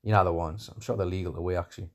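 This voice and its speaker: A man's voice: deep voice, steady tone, very fast. A man casually retelling a film's plot scene by scene, rambling with many fillers and enthusiastic asides. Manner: enthusiastic, calls scenes "class". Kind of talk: casual film recap.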